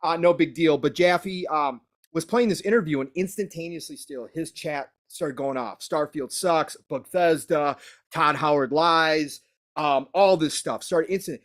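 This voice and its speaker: A man's voice: fairly high pitch, normal speed, few pauses. A man co-hosting a casual gaming podcast, animatedly retelling what someone said, full of "he goes". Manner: animated, retells quotes at length with many "he goes". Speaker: podcast co-host.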